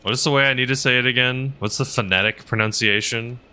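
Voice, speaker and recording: A man's voice: medium pitch, steady tone, fast talker, pushed and bright, clear, resonant tone. A man chatting casually on a gaming livestream, rambling with lots of fillers and reading chat messages aloud. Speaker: game streamer and helicopter pilot.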